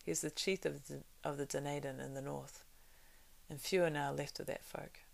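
A woman reading a wise, stately elf lord from a storybook who declaims his words. Her voice is low and strongly gravelly. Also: fairly even intonation, moderate pace, heavily acted.

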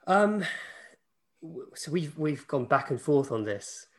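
A man's voice: fairly high pitch, big pitch swings, takes it slowly. A man appearing as a guest podcast host, talking in an earnest, rambling way. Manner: earnest, rambling, many fillers and restarts. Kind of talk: casual podcast chat.

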